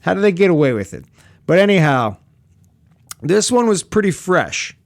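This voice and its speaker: A man's voice: high voice, big pitch swings, moderate pace, gravelly. Profane, rambling young man telling a story. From Pacific Northwest of the US. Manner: profane, rambling, sarcastic with asides and chuckles. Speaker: podcast host. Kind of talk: casual comedic storytelling monologue.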